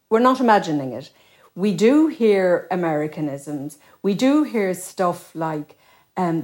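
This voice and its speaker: A middle-aged Irish woman, a professor guest, explaining things quickly with plenty of examples. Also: lowish voice, darkish tone. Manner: quick, expository, uses examples. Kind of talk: explanatory interview talk.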